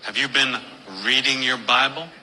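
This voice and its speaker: A man voicing an elderly grandmother, sweet and pious, asking gentle sing-song questions in a stand-up bit. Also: mid-range voice, fairly even intonation, moderate pace, big-room sound, a little hiss or hum, poor audio. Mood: sweetly probing.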